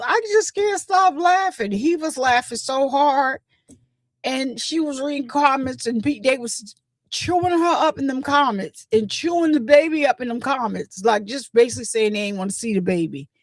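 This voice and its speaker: A woman, hosting a casual gossip livestream, telling the story in a chatty, animated way and acting out what others said. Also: high voice, moderate pace, no room sound. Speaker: livestream host.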